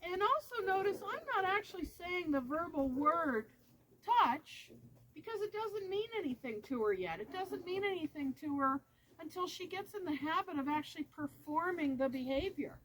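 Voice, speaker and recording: Speaking at a moderate pace with plenty of expression, a woman dog trainer lays out each step clearly beside a road. When the dog does well she praises it in a high, sing-song tone. The rough recording carries loud background noise, including a crowd.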